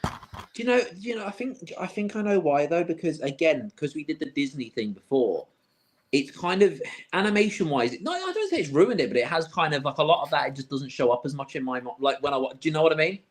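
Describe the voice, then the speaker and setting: A man's voice: fairly high pitch, expressive, a little fast. A man, co-hosting a casual film podcast and rambling as he thinks aloud. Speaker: podcast co-host. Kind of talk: casual film-review chat.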